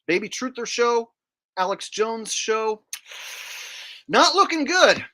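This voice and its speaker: A man's voice: very high-pitched, lively intonation, slow pace, pushed and bright. A man hosting his own channel and giving a casual commentary rant in a sneering, boastful tone, swearing freely. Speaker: channel host.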